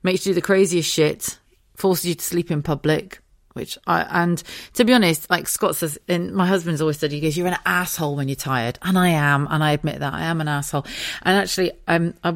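A middle-aged woman hosting a solo podcast, sounding tired, with a low voice. She talks frankly and swears a lot, and she often laughs at herself. The recording is close and dry, with no room sound. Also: no echo. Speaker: podcast host. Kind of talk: candid solo podcast monologue.

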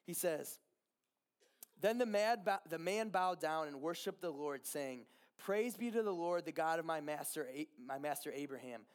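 A young man with a fairly high voice tells a Bible story in a casual, animated sermon, full of fillers, asides and quick bits of acted-out dialogue.

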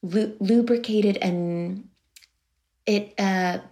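A woman who coaches clients on voice and confidence, explaining her methods as an interview guest in an animated way and acting out what people think. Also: medium pitch, drawn-out words. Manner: animated, explanatory, acts out quoted thoughts.

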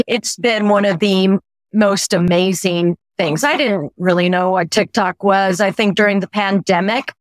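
A woman's voice: medium pitch, no echo. Teary woman in her sixties telling a story. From United States. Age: 60s. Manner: effusive, animated storyteller. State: teary, weepy. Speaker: guest. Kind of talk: conversational storytelling.

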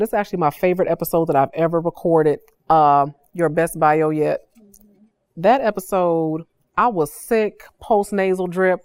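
A woman hosting a faith-based podcast, telling stories in an animated, preacherly way. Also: lowish voice, no room sound. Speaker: podcast host.

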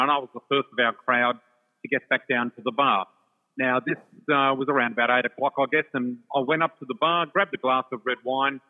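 A man telling an animated personal story, laughing often and acting out the other voices, from a shopping centre. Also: mid-range voice. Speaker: storyteller guest. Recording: tinny phone line with long reverb.

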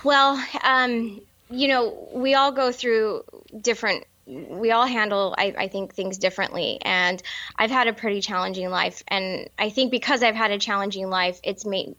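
A woman in her thirties speaking candidly in an interview, halting often with fillers and restarts. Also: mid-range voice, sharp tone, highs cut off. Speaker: interview guest. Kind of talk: personal interview.

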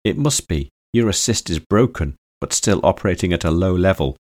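A man reading aloud, voicing a gentle, eager young woman who speaks telepathically in a soft, earnest way. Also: low-pitched, expressive, fairly quick.

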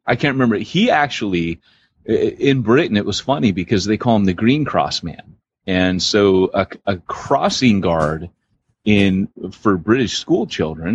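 A man's voice: low-pitched, lo-fi sound, a little hiss or hum. A man co-hosting a podcast, telling long rambling stories in casual chat with many restarts. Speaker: podcast co-host.

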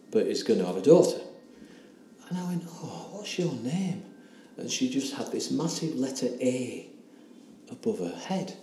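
A man in his sixties tells a deeply personal story, halting and earnest, slipping into quoted dialogue. His voice is mellow and dark, and it rings in a roomy space over a faint hiss. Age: 60s. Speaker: interview guest.

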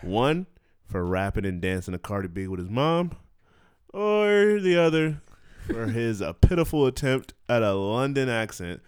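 A man's voice: medium pitch, very animated, a little slow, darkish tone, clean tone, no echo, clean studio sound. A man hosting a podcast in a joking, casual way, laughing often between lines. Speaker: podcast host. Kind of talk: casual chat.

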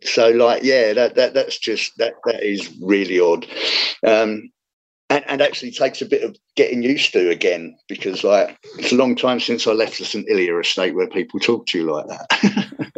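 A man's voice: fairly low pitch, moderate pace, highs cut off. A man, a comedian chatting in an interview, rambling with many restarts. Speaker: comedian guest. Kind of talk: casual interview chat.

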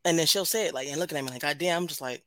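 A woman's voice: sits low, very fast. A woman and mother, a podcast guest, chatting casually, laughing often and swearing freely. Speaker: podcast guest, host of her own podcast. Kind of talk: casual chat.

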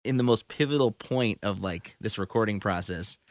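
A touring musician tells stories in relaxed conversation, his voice lowish and his pace moderate, with no echo on the recording. He rambles and fills his speech with plenty of fillers.

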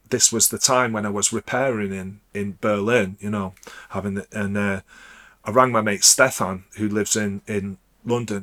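A man's voice: on the low side, fairly bright tone. A middle-aged man talking candidly as an interview guest, rambling through his story with frequent restarts and fillers.

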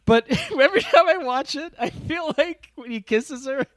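High-pitched guy cohosting a movie podcast, super animated, laughs a lot, dry close mic. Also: normal speed, no echo. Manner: animated, laughing, swears, jumps between tangents. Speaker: podcast co-host. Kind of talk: casual film-review chat.

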